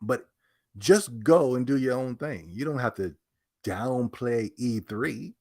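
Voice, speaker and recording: A man's voice: medium pitch, expressive, slow, darkish tone. A man giving a ranting gaming commentary, indignant and sarcastic in a mocking way.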